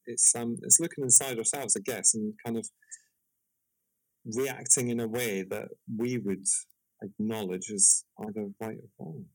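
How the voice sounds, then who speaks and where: A man's voice: lowish voice, steady tone, unhurried, darkish tone, no room sound, poor audio. A man co-hosting a podcast over a call, rambling and hesitant with lots of fillers. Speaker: podcast co-host. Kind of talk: casual podcast chat.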